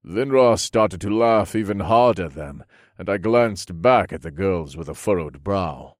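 A man narrating a first-person fantasy audiobook in a measured, steady storytelling manner. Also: low-pitched, dry recording, clean studio sound.

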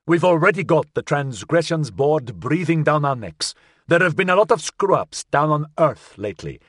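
A narrator doing a slick, smug male official in an audiobook, smooth and condescending with a quiet menace. He sits a little above the narrator's usual pitch, with a lively, mocking lilt, and the recording is close and dry. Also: no echo.

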